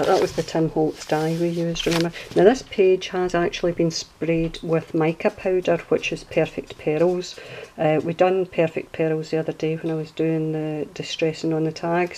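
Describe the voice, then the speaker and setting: A woman's voice: low-pitched, a little mellow, rough recording. A Scottish woman hosting her craft channel, walking through a project at home in a chatty, rambling way. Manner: chatty, rambling, homely asides. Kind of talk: casual craft walkthrough. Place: at home indoors.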